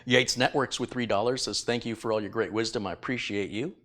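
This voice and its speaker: A man's voice: lowish voice, steady tone, brisk, fairly bright tone. A middle-aged man chatting casually on a live tech stream, rambling and self-deprecating as he thanks viewers. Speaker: tech YouTuber reading donations.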